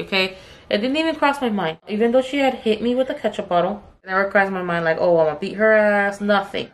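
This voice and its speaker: A young woman telling a story about her job in a casual, chatty way while doing her makeup, acting out the lines in a raised voice and swearing now and then. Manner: animated, acts out the customer's lines with raised pitch; swears casually, addresses viewers as "you guys". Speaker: beauty vlogger telling a story.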